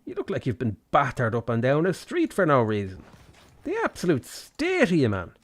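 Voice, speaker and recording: A threatening, swearing hard man with a rough Dublin accent, spoiling for a fight, as a streamer puts him on. His talk is slangy and mocking. He is ready to square up to anyone who crosses him. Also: medium pitch, huge pitch swings, moderate pace.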